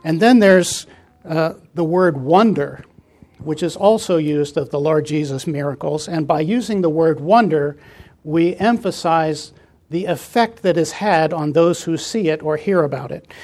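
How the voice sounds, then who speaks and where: Man leading a Bible study, slightly high voice. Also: unhurried, a little mellow. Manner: explanatory, reads scripture aloud, frequent "uh" fillers.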